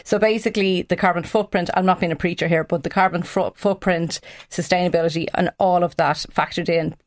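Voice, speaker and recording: Woman wine guest, slightly low voice, chatty and enthusiastic. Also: fairly even intonation, brisk. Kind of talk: casual radio chat.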